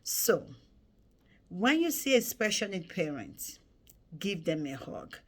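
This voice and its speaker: A woman speaking earnestly in a personal storytelling vlog, turning animated as she acts out memories. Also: lowish voice, slow pace. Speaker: vlogger.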